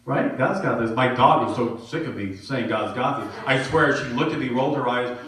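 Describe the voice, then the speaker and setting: A man's voice: mid-range voice, normal speed, fairly bright tone. A middle-aged male minister giving a sermon in a conversational, storytelling way with self-deprecating humor. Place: church sanctuary. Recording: echoey hall from far off.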